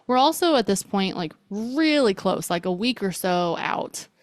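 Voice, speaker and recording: A woman's voice: medium pitch, expressive, measured pace, no room sound. A woman hosting a podcast, telling a personal story in a casual, rambling way full of fillers. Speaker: podcast host.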